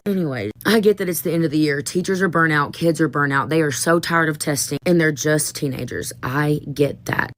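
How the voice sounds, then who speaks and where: A woman high school teacher venting candidly to camera, frustrated and full of fillers.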